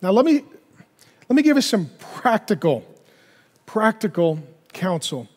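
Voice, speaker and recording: A male pastor preaching a sermon in an animated way, acting out little dialogues in other voices. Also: high-pitched, unhurried, in a large hall.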